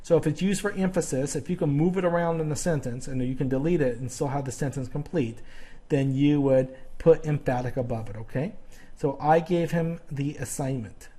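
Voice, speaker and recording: A man's voice: on the high side, moderate pace, mellow. A man teaching a grammar lesson on video, explaining patiently step by step and often checking in with "okay?".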